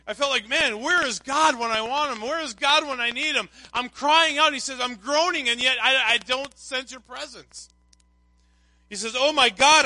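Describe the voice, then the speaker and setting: A man's voice: high-pitched, bright, forceful tone, rough recording. A man preaching a conversational sermon to a congregation, reading scripture aloud in between. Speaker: pastor.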